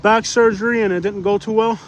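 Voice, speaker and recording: A man with a high-pitched voice streams live from the beach on his phone, out of breath as he walks. He talks in an emphatic, opinionated way and repeats his points. A faint hum of outdoor ambience sits behind him. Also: fairly even intonation, fairly quick, highs cut off. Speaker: livestream vlogger. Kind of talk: casual live-stream chat.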